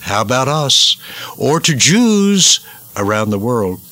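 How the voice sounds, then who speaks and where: A bright, forceful male voice from the United States delivers emphatic commentary in a preaching cadence. He repeats words for stress and builds a steady indignation. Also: mid-range voice, takes it slowly.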